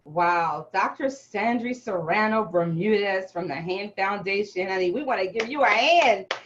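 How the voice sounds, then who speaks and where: A woman's voice: medium pitch, lively intonation, normal speed, a little hiss or hum. A woman co-host giving fervent, encouraging closing remarks over a video call. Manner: fervent and affirming. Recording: dull lo-fi call audio.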